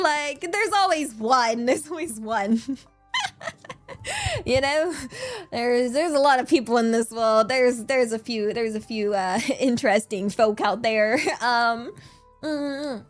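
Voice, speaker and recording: A woman's voice: fairly high pitch, unhurried, soft background music. A woman livestreamer in casual chat, giggly and rambling, thanking viewers as she reads the chat. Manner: rambling, many fillers and restarts.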